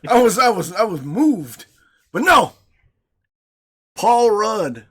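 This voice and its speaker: Brief: male podcast co-host, bright voice, lively swings in pitch, loose casual chat. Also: slow, husky. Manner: animated storyteller, crude, laughs often. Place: home studio.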